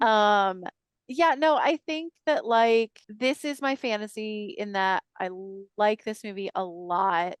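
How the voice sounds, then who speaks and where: A woman's voice: medium pitch, slow pace, clear, resonant tone, dry recording. A woman co-hosting a podcast, chatting casually and hesitantly with lots of fillers. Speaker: podcast co-host. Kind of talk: casual chat.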